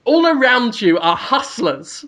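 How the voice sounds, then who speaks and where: A man co-hosting a podcast, spinning an absurd comic scenario for his co-host in a deadpan, rambling way with frequent ums. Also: very high-pitched, unhurried. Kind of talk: comedic storytelling to a co-host.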